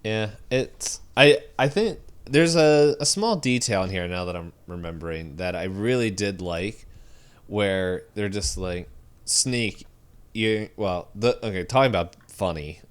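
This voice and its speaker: A man co-hosts a relaxed film chat on a podcast. He laughs often and acts out lines from the movie in a raised, excited voice. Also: unhurried. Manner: laughs a lot, acts out quotes in a higher voice. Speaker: podcast co-host. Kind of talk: casual film discussion.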